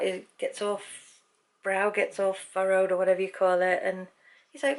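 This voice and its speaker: Chatty British woman with gravelly voice. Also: mid-range voice, little pitch movement, moderate pace. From Britain. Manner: chatty, laughs often, acts out quoted speech. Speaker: vlogger. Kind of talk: casual storytelling to camera. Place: at home.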